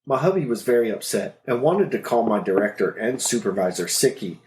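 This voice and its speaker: A man's voice: on the low side, expressive, fairly quick, darkish tone, roomy sound, slight background noise. A man co-hosting a podcast in casual chat, laid-back and joking, a bit sniffly. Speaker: podcast co-host.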